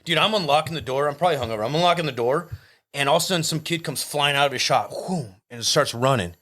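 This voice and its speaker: A man who is a tattoo artist telling wild shop stories in a casual, profane, animated way. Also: fairly high pitch, rapid-fire. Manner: profane, animated storyteller acting out voices. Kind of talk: casual storytelling.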